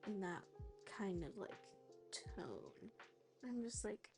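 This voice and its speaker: A woman's voice: medium pitch, sing-song, takes it slowly, music in the background. A woman streamer chatting casually while she crochets, rambling and often trailing off into a near-whisper.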